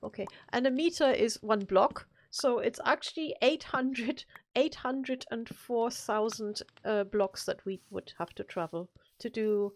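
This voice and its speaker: A woman's voice: on the high side, a little slow, few pauses. Chatty woman telling rambling stories. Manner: rambling, playful storyteller. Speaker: co-host of a gaming live stream. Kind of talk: casual gaming chat.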